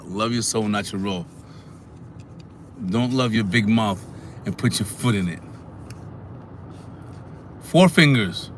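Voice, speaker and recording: A man hosting a casual live stream, animated and talking back to his chat. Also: mid-range voice, slight background noise. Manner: animated, talks back to chat, sings snatches.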